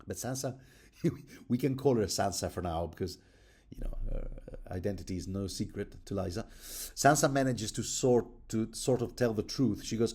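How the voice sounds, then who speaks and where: A man's voice: on the low side, normal speed, darkish tone, slightly rough. A man giving a rambling, casual commentary on a book, chatty and digressive and often mocking himself.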